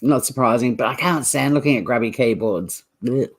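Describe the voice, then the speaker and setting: A woman's voice: extremely low pitch, moderate pace. An Australian woman hosting a livestream, giving chatty, blunt commentary with laughing asides. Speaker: livestream host. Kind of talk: casual live commentary.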